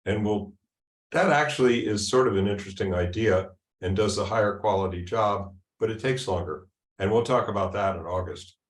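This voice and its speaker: A presenter with a lowish voice steps through a software demo for a user group, speaking informally and haltingly, full of ums and false starts. The recording carries an echoey room sound.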